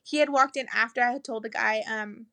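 A woman's voice: on the high side, fairly even intonation, brisk, pushed and bright, dry recording, studio quality. A young woman casually telling her birth story, chatty and full of "like", acting out what people said. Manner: chatty, heavy use of "like", acts out quoted lines. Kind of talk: casual chat.

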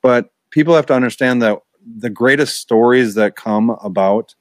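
A man's voice: medium pitch, normal speed, no room sound, studio quality. A man hosting a casual conversation, reflective and encouraging as he responds to his guests.

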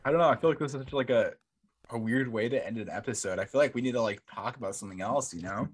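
A man's voice: medium pitch, quick pace, husky. A young man co-hosting a podcast in casual chat, rambling and self-mocking, stammering through restarts. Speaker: podcast co-host.

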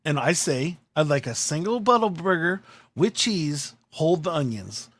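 A man's voice: fairly high pitch, lively intonation, unhurried, fairly bright tone, no echo. A man hosting a podcast, telling a story in casual chat and acting out his own outbursts. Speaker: podcast host.

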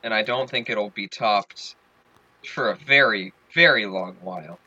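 A man co-hosting a podcast in casual chat, animated and theatrical, swearing freely. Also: fairly low pitch, a little slow, husky, no echo, lo-fi sound. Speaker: podcast co-host.

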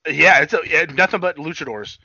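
A man rambles through a story in casual chat, swearing freely and getting animated. His voice is bright and sits a little high. The recording is dry and slightly dull. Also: a little fast, creaky, husky, no echo. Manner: rambling, profane, animated retelling. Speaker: podcast co-host.

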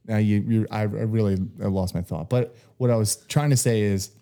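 A man's voice: fairly low pitch, fairly even intonation, brisk, mellow. A man co-hosting a casual podcast chat, asking rambling, skeptical questions. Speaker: podcast co-host.

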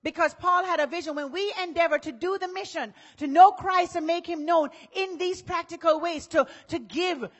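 A woman pastor delivers a sermon in a high, bright voice. She talks to the congregation like a conversation, slips into voices of everyday people, and climbs to loud, shouted passages. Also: moderate pace, hardly any pauses, lo-fi sound. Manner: preaching, acts out what people say in conversational voices, rises to shouting.

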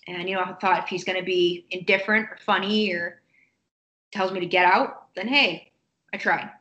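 A woman telling a personal story in a casual interview, animated and acting out other people's lines. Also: fairly low pitch, normal speed, lo-fi sound. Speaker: guest.

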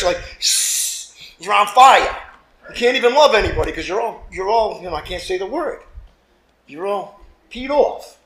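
High-voiced preacher in an echoey church. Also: male voice. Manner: lively preacher, acts out quotes, calls for amens. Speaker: pastor. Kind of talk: sermon.

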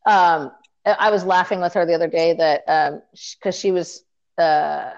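A woman's voice: lowish voice, moderate pace, creaky, lo-fi sound. A woman chatting casually on a podcast over a remote call, telling stories with lots of fillers and laughter. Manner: chatty storyteller, laughs often, many fillers. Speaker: podcast co-host, remote guest. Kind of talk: casual chat.

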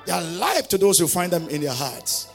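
Male pastor, high voice, fervent sermon with call-and-repeat declarations, faint music behind. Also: big pitch swings, moderate pace, creaky, fairly bright tone. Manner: fervent, calls for congregation to repeat after him.

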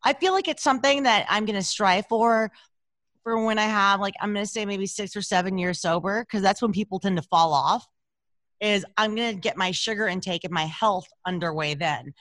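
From home, a woman hosts a recovery podcast remotely, chatting candidly, making fun of herself and swearing freely. Her medium-pitched voice is brisk and fairly bright. She uses a broadcaster board mic, and there's no room sound.

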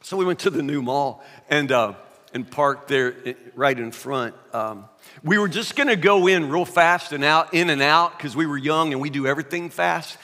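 A man's voice: a little high, normal speed, bright, forceful tone. An older man preaching a sermon, telling a humorous personal story in a chatty, self-deprecating way. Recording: echoey hall.

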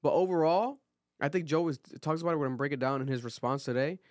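A man co-hosting a casual podcast, pitched a little above the usual. He talks in an animated, opinionated way, full of "like" and "you know". The sound is close and dry. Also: quick pace, dry recording. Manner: animated, opinionated, heavy filler words. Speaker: podcast co-host. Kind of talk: casual chat.

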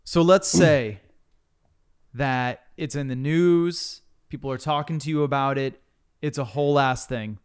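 Man, podcast host, smooth clear voice, casual storytelling, swears freely. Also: medium pitch, measured pace. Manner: storytelling, swearing, builds suspense.

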